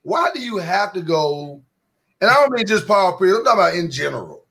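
A man's voice: high voice, a little fast, vocal fry. A man co-hosting a casual podcast chat, emphatic and preachy, with speech. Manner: animated, emphatic, preachy rants. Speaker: podcast co-host.

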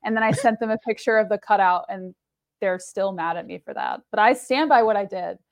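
A woman's voice: medium pitch, brisk, vocal fry. A woman co-hosting a podcast in casual chat, joking and swearing as she tells stories. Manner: animated, joking storyteller who swears. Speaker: podcast co-host.

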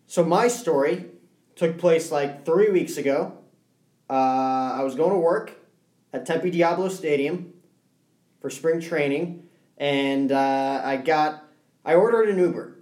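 A man's voice: a little high, takes it slowly, pauses often, echoey room. A young man co-hosting a podcast, telling a story in casual chat. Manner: storytelling, animated impressions. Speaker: podcast co-host.

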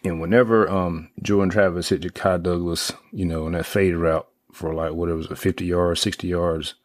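A middle-aged man in casual sports talk, rambling with lots of fillers and restarts, getting excitable as he retells plays. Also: sits low, normal speed, no room sound.

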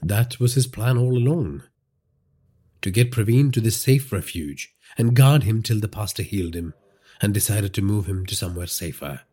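A podcast storyteller with an Indian English accent narrates crime fiction in a measured, dramatic style. His voice is low, dark and husky, rising and falling in a lively way.

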